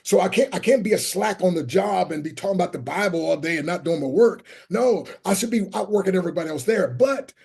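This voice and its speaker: A man's voice: high-pitched, expressive, fast talker, creaky, few pauses, darkish tone, husky. A middle-aged man, a motivational speaker and interview guest, who talks with fervent, preacherly emphasis and often quotes scripture. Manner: fervent, quotes scripture, calls the host "my friend". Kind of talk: preaching-style interview talk.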